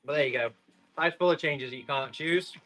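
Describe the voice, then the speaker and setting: A man's voice: fairly high pitch, brisk, a bit bright, faint music behind. A man running a live online tool auction, chatting casually and rambling as he jokes with viewers. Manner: chatty and rambling, joking with the chat. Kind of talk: casual live-stream chat.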